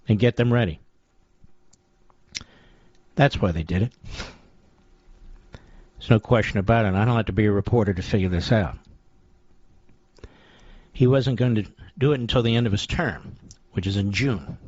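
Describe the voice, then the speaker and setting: A man's voice: on the low side, a little mellow, no room sound, highs cut off. Combative male talk radio host. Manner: combative, sarcastic, punchy short phrases. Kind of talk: political talk radio monologue.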